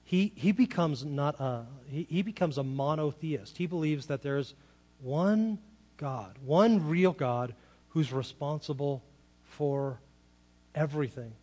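Speaking slowly in a high-leaning, a little mellow voice, a man delivers a sermon as a pastor. He keeps it conversational, posing rhetorical questions and performing the lines he quotes.

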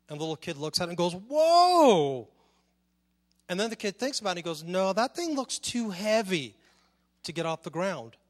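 A man preaching a sermon, animated, full of rhetorical questions, often repeating words as he searches for the next one. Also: on the high side, in a large hall. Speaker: pastor.

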